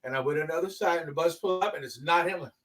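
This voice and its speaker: A man chatting casually and telling stories, animated and profane, acting out what people said. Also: on the high side, rapid-fire. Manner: animated storyteller, swears a lot, acts out quotes loudly. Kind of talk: casual chat.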